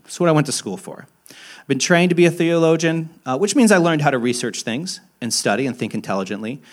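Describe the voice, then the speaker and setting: A young pastor preaches a sermon briskly and with animation, telling stories about himself in a candid, self-deprecating way. He often restarts his sentences and swings between emphatic rises and quiet, low asides.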